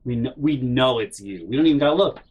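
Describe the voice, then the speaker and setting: A man's voice: mid-range voice, animated, fast, darkish tone, husky, poor audio. A young man telling a funny story from his life in a casual, rambling way, with frequent swearing and mock-indignant asides. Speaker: storytelling vlogger.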